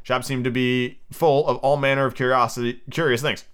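A man's voice: mid-range voice, steady tone, brisk, fairly bright tone, clear, resonant tone. A man hosting a podcast, reading a children's book aloud with rambling, filler-heavy asides. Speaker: podcast host.

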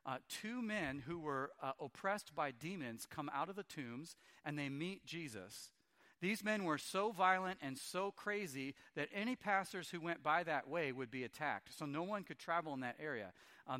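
A man's voice: on the high side, sharp tone. A man preaching a sermon, retelling scripture scenes in a storytelling way and briefly acting out the quoted lines. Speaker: pastor.

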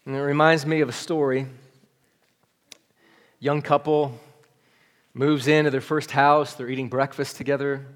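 Pastor preaching in a reverberant hall. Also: male voice, mid-range voice, level tone, measured pace, pauses often. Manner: conversational, asks the congregation "right?". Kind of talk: sermon. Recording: long reverb of a church hall.

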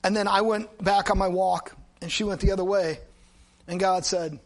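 High-voiced pastor telling a story. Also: male voice. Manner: conversational, animated storytelling with quick asides. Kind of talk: storytelling sermon.

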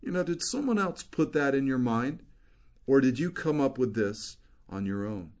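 Man, pastor, expository sermon, earnest, explanatory, middle pitch. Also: animated, normal speed, a little mellow. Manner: earnest, explanatory verse-by-verse teaching.

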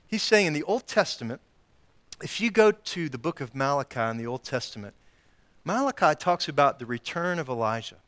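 A man with a fairly high voice preaches a sermon from the pulpit. He slips into the voices of Jesus and Peter with real animation, then turns to his congregation with one rhetorical question after another. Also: expressive, a little fast, fairly bright tone. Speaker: pastor.

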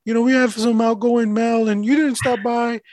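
A man voicing an odd young male customer with a high-pitched, childlike voice, talking in a halting, polite way. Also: level tone, darkish tone, no echo, clean studio sound. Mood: earnest.

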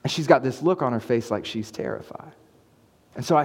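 A man in his thirties, a pastor preaching a sermon and telling a family story, moving from hushed to excited. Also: on the high side, quick pace. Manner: storytelling, swings from hushed to hyped. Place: church sanctuary. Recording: long church hall reverb.

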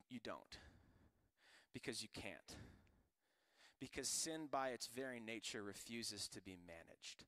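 A man's voice: medium pitch, sharp tone, clean tone, dry recording. A man from Florida preaching a sermon in a casual, joking way full of slang. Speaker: pastor.

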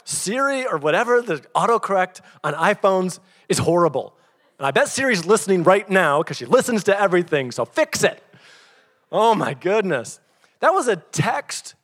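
A middle-aged male pastor delivers a sermon, moving between plain teaching and lively stories where he acts out each person's lines. His voice sits a little high for a man. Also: long reverb tail. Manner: storytelling, animated, acts out quotes.

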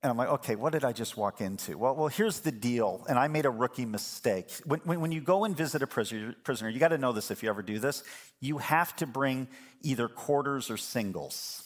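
A man's voice: mid-range voice, expressive, brisk. A middle-aged man, a pastor, preaching a sermon in a conversational storytelling way with emphatic asides to the congregation.

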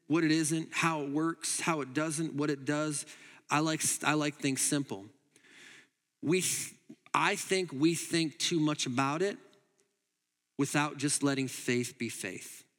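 A man preaching a sermon as pastor, emphatic, moving between loud urging and quiet asides. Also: on the high side, fairly even intonation, slow, in a large hall. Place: church hall.

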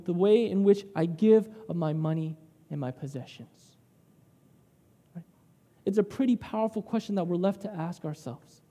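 A man's voice: sits high, mellow, big-room sound. A man preaching a sermon in a conversational way, telling personal stories and tagging lines with "right?".

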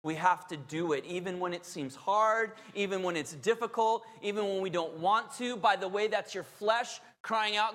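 Pastor, male, high-pitched voice, preaching with emphatic, chatty asides, long hall reverb. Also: expressive, fairly quick, a bit bright. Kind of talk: sermon.

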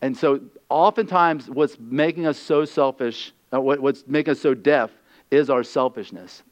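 A male pastor preaching a sermon in a conversational, animated way, acting out the quoted lines. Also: medium pitch, moderate pace.

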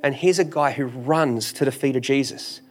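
A man's voice: mid-range voice, normal speed. A man preaching a sermon with an emphatic, repetitive cadence, full of rhetorical questions and casual phrasing. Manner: informal, drops into "ain't". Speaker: pastor.

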